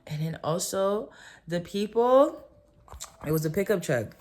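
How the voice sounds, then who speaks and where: This woman vlogger's voice is medium in pitch and a little mellow, with lively intonation and an unhurried pace. Her personal story wanders along casually, heavy with fillers like "like" and "um" and frequent self-corrections.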